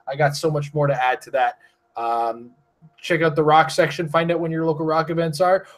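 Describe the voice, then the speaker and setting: Young male podcast host, slightly high voice, loose and rambling delivery. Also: steady tone, normal speed. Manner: rambling, restarts with frequent fillers. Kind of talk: casual podcast chat reading sponsor spots.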